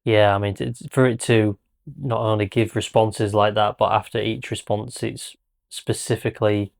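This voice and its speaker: A man co-hosting a podcast, chatting casually and reacting to stories with quick agreement. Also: lowish voice, little pitch movement, gravelly, no room sound, studio quality. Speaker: podcast co-host. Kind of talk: casual chat.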